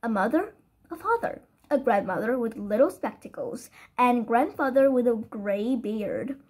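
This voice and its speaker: A shy, tearful orphan girl, as a woman narrator puts her on, speaking softly and a little breathlessly in a storybook reading. The voice sits fairly high and has a husky, breathy edge. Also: animated, a little slow. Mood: tearful, wistful. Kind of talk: audiobook character voice.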